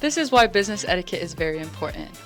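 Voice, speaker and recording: Low-voiced woman from California. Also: big pitch swings, rapid-fire. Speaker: student presenter. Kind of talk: class presentation. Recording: music bed behind the voice.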